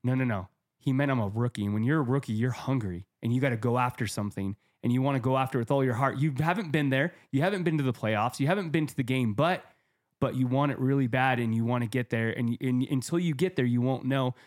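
A man's voice: mid-range voice, fast. Conversational man, co-host. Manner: energetic, conversational, uses sports comparisons. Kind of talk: casual podcast discussion.

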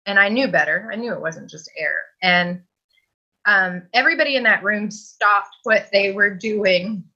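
Bright-voiced woman telling her story. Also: medium pitch, normal speed, breathy edge, lo-fi sound. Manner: chatty, earnest, laughs easily. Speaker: guest. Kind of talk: personal storytelling in conversation.

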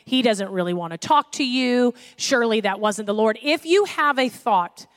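A woman pastor preaching a sermon, animated, acting out the voices she quotes. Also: on the high side, moderate pace.

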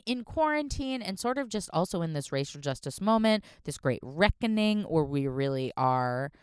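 A young woman hosting a solo podcast from her car, a little hoarse, rambling and self-deprecating with lots of fillers. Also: low-pitched, dry recording, studio quality. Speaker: podcast host. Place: in a parked car.

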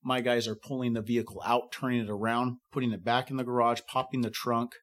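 A middle-aged fire captain with a mid-range voice and flat delivery talks at a quick pace as he recounts an evacuation. He uses many fillers and restarts and sometimes acts out the voices of others.

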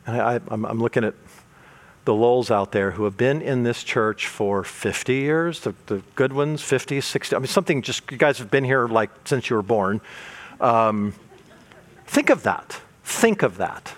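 A man's voice: mid-range voice, animated, normal speed. A male pastor preaching a sermon, acting out quoted complaints and stumbling into repeated words as he presses his point.

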